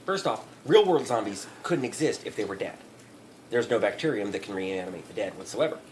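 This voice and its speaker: A man's voice: lowish voice, lively intonation, brisk, darkish tone, slight background noise. A man giving a profane, rambling comedic rant, often breaking into laughter. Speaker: vlogger.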